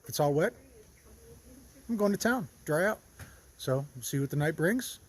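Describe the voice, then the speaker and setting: A man hiking a long trail, talking casually and warmly to his camera outdoors, upbeat and easily moved. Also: fairly high pitch, lively intonation, moderate pace, husky. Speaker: long-distance hiker vlogger.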